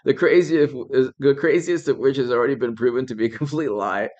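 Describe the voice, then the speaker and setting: A man's voice: mid-range voice, a little fast, a little mellow, lo-fi sound. A man hosting a live political commentary stream, rambling, laughing often and thanking viewers by name.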